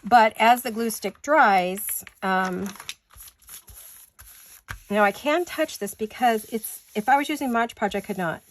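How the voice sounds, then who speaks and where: A woman's voice: fairly high pitch, unhurried, slight background noise. Tired chatty woman crafting at home. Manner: chatty, rambling, loses her words. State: tired and a little out of breath. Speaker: craft vlogger. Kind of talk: casual craft tutorial chat.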